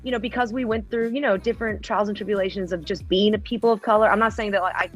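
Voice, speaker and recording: A woman's voice: mid-range voice, quick pace, faint music behind. A young adult woman with a North Carolina accent, chatting casually as an interview guest. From rural North Carolina, US. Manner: relaxed, chatty, many "like" fillers. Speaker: guest, TikTok creator.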